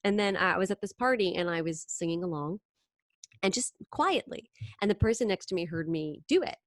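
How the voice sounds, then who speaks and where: Animated woman guest, dry close sound. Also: on the low side, a little fast, no room sound. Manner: animated, slips into sung impressions. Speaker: guest, actress and impressionist. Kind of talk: casual interview chat.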